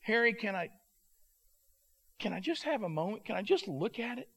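A man voicing a soft-spoken, weary woman turning thirty-nine, who talks in a hesitant, halting way. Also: high voice, very animated, vocal fry, slightly rough, pitched above the performer's own voice, full character voice. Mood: wistful.

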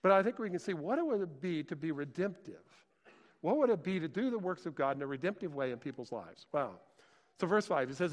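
Pastor preaching in a church hall: slightly high, lively storyteller, long echo. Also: male voice, brisk. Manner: animated storytelling, acts out scripture voices, enthusiastic exclamations. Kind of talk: sermon.

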